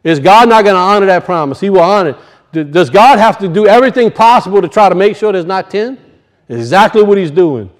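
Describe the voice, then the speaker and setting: Cajun male preacher, high voice, folksy and emphatic, quizzes his flock. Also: animated, fairly quick. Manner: emphatic, questions the congregation, folksy dialect grammar. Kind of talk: sermon.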